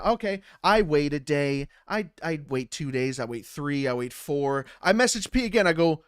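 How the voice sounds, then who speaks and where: A man telling a story in a casual, profane and animated way, acting out both sides of the conversations himself. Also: high voice, normal speed, no room sound, clean studio sound. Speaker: battle rapper.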